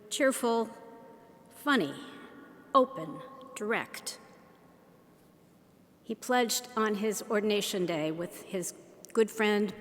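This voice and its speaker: Woman, public talk, teacherly, unhurried, long hall reverb. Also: mid-range voice. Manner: unhurried, teacherly, asks the audience questions. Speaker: speaker. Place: large shrine hall.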